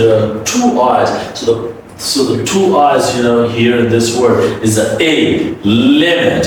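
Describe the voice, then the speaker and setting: Slow, coaxing male teacher, echoey room. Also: medium pitch, far from the mic, a little hiss or hum. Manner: drills words aloud, coaxing with frequent "okay?". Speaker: English pronunciation teacher. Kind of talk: classroom pronunciation lesson.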